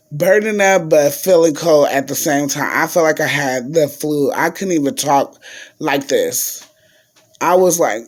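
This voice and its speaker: A man vlogging in a chatty, casual way, telling a story to his viewers and calling them y'all. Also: on the high side.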